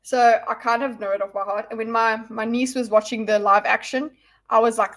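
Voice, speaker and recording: Chatty woman streamer, higher voice. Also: fairly even intonation, a little fast. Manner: rambling and chatty, with frequent restarts and asides. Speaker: livestreamer. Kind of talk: casual livestream chat answering viewers.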